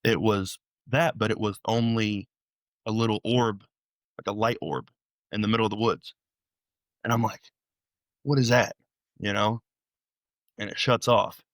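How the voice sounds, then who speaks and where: A young man recounts his story as a podcast guest. His voice sits low and sounds dry and close to the mic. He talks in an animated, rambling way, often doubling back and restarting his sentences. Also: measured pace, pauses often, dry recording. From Illinois, USA. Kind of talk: storytelling interview.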